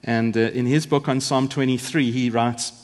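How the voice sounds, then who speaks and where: A man preaching a sermon as a pastor, with emphatic swings between loud and soft. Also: medium pitch, fairly even intonation, normal speed. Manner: emphatic, rising and falling in volume for effect. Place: large church hall. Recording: long church hall reverb.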